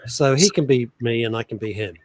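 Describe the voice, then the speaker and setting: A middle-aged man co-hosting a radio show, chatting and teasing his partner in a joking, animated way. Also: medium pitch, brisk, dry recording. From England. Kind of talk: casual chat radio show.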